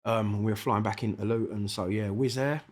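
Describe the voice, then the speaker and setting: A middle-aged man with a South London accent, a guest MC telling lively, sweary anecdotes in a casual interview, acting out the dialogue. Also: lowish voice, brisk. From South London, England.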